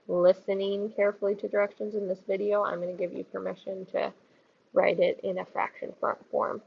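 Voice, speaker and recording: A woman's voice: mid-range voice, gravelly, husky. A woman teacher giving a recorded math lesson, playful and questioning, drawing out key words. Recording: slightly dull lo-fi recording with faint noise.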